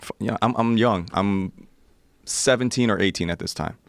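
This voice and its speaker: Deep-voiced man telling a profane story. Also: normal speed, creaky, no room sound, studio quality. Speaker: podcast guest. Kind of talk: casual storytelling.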